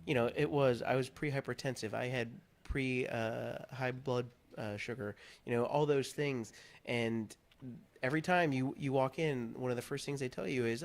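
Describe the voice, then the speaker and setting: In a conversational talk show interview, a Pennsylvania man with a medium-pitched voice and normal pace recounts his own story. He comes across as earnest and candid and becomes animated as he tells it.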